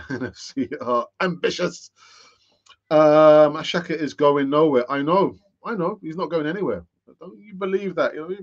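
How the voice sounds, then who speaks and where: Rambling man, slightly high voice. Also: dull audio. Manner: rambling, self-mocking, chatty asides. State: tired. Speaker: football fan channel host. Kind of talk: casual transfer news chat.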